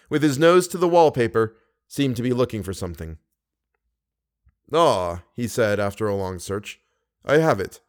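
Male audiobook narrator reading a classic novel. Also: medium pitch. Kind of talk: scripted narration.

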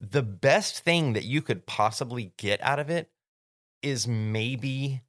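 A man co-hosting a podcast, chatting in a relaxed way, telling personal stories and asking rhetorical questions. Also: medium pitch, takes it slowly, dry recording, clean studio sound. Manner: relaxed, anecdotal, talks through rhetorical questions. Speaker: podcast co-host. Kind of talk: casual storytelling chat.

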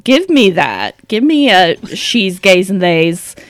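A woman's voice: medium pitch, big pitch swings, slow pace, no echo, studio quality. A woman co-hosting a podcast, chatting casually, often laughing and swearing with sarcasm. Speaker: podcast co-host. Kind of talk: casual chat.

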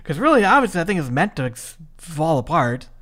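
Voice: medium pitch, very animated, brisk, a bit bright. A podcast co-host in their thirties, from Minnesota, recapping a wrestling match in casual chat, swearing freely and talking with lots of likes and restarts.

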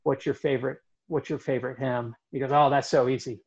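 A man telling a story in conversation, earnest and halting, with many fillers. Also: mid-range voice, steady tone, darkish tone, slightly rough, lo-fi sound.

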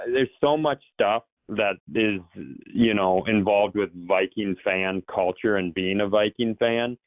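A man's voice: fairly low pitch, dry recording. A man in casual sports chat, rambling and correcting himself as he talks through football. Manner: rambling, self-correcting, jumps into quoted voices. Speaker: sports show guest. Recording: tinny phone-like line.

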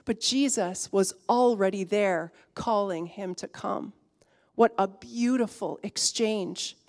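A woman pastor preaching a sermon, swinging from hushed, intimate lines to emphatic, rising ones. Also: mid-range voice, takes it slowly.

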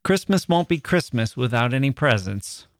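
A man's voice: mid-range voice, expressive, moderate pace, no echo, close to an everyday voice. Man doing a grumbly tomboy teen girl, mostly his own voice, dry sound. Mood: grumbling. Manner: grumbling, blunt. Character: tomboyish teenage girl, bookish and blunt.

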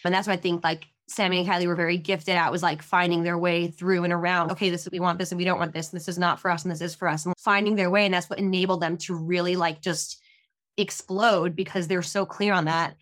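A woman's voice: fairly low pitch, little pitch movement, quick pace, fairly bright tone. A woman business coach hosting a casual podcast interview over a video call, effusive and emotional, rambling a little.

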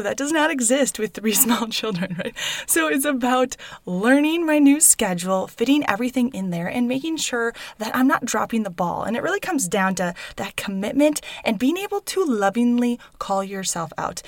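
Woman podcast host, 30s, chatty and upbeat, fairly high voice, dry close sound, solo monologue. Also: dry recording. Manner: chatty, upbeat, often asks "right?". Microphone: recorded without her usual studio mic.

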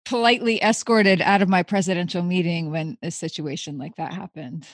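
A woman hosting a casual chat, supportive and quick to agree. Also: fairly low pitch, steady tone, no echo.

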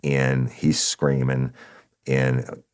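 A man's voice: a bass voice, little pitch movement, very slow, clear, resonant tone. A man telling a story in a blunt, profane, casual way, talking straight to his listeners. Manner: blunt, profane, conversational, addresses listeners as y'all. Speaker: podcast storyteller, former cop.

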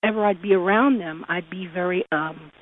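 A woman's voice: on the low side, moderate pace. Give me a woman telling a story over a phone line. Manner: animated, laughs often while telling. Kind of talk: personal storytelling on a radio show.

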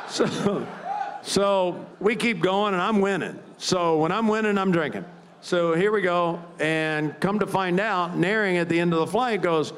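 A man's voice: high-pitched, measured pace, a bit bright. An older man, a retired ballplayer, telling rambling anecdotes in a live interview with frequent restarts and chuckles. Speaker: retired baseball player, guest.

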